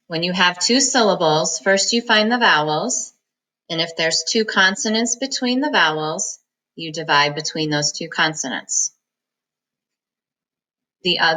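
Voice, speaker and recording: A woman reading teacher giving a phonics lesson, slowly breaking words into syllables and sounds in a patient, encouraging manner. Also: lowish voice, sharp tone, rough recording.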